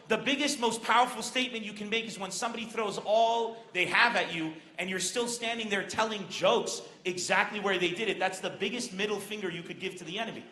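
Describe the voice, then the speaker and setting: A man from Lebanon doing a brash, animated stand-up comedy set on an outdoor festival stage, speaking into a stage microphone. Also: sits high. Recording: echoey open-air stage with crowd.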